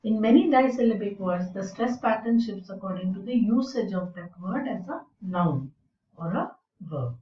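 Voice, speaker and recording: A woman teaching English in a slow, deliberate lecture, explaining with fillers. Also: medium pitch, lively intonation, slight background noise. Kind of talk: recorded lecture. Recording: roomy and distant, dull sound.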